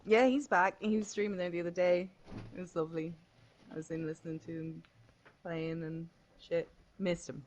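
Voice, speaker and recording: A woman's voice: on the low side, fairly even intonation, moderate pace, a little hiss or hum, rough recording. A woman, co-hosting a casual podcast chat, laughing often and swearing freely. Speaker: podcast co-host.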